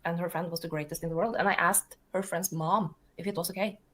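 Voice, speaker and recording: A middle-aged woman with a Norwegian accent, talking in a casual, rambling way. She turns defensive easily, and her voice sits fairly low for a woman. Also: steady tone, quick pace, fairly bright tone. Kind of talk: casual talk.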